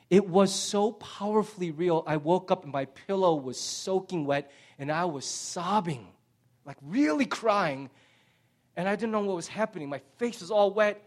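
A middle-aged male pastor preaching a sermon with passion, swinging from loud emphasis to hushed near-whispers. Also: a little high.

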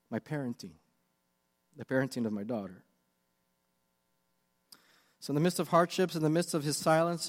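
A man's voice: medium pitch, long reverb tail. A man preaching a sermon with earnest, confessional questions. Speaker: pastor.

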